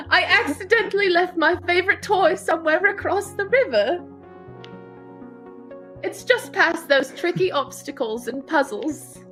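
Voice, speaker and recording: A woman's voice: very high-pitched, bright, forceful tone, pitched above the performer's own voice, heavily acted. A woman voicing a scared young game character begging for help, in an attempted English accent that slips toward Australian, read theatrically. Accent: attempted English accent slipping to Australian. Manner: theatrical, overacted reading of on-screen text.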